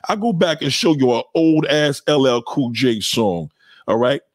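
A middle-aged man with a New York accent, trash-talking his chat in a loud, profane, boastful way while he plays records on a live stream. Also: medium pitch, expressive, moderate pace, dry recording, studio quality. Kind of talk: hyped trash talk over music.

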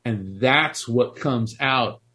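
A middle-aged man from Florida tells his story in an interview, earnest and animated. He often restarts his sentences. His voice sits in an ordinary middle register. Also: medium pitch, slow, slightly rough. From Florida, USA. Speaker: author and psychic medium.

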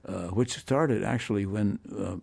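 An older man, a guest musician, telling animated anecdotes in an interview and voicing the people he quotes. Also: lowish voice, unhurried, creaky, husky, no echo. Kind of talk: storytelling interview.

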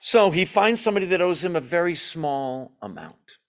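A man leading an evening Bible study, teaching in an animated, emphatic way, asking his listeners questions and making self-deprecating asides. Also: fairly high pitch, normal speed.

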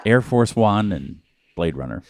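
A man's voice: fairly low pitch, expressive, measured pace, dry recording, studio quality. A man joking around in a casual movie chat, tossing out wisecracks and silly bits.

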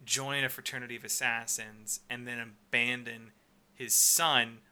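A man's voice: medium pitch, steady tone, measured pace, pushed and bright, clear, resonant tone. A man co-hosting a casual film-review chat, exasperated and swearing for emphasis.

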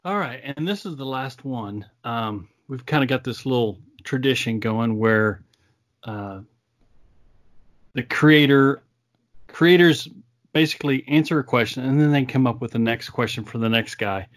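A man hosting a casual interview, asking teasing questions in a relaxed way. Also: mid-range voice, unhurried. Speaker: podcast host.

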